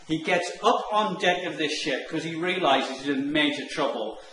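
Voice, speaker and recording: A man telling a long comic anecdote, animated and acting out the characters' lines. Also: normal speed. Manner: animated, acts out the characters' lines in higher voices. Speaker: online marketing presenter. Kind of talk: storytelling anecdote. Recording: echoey room with faint noise.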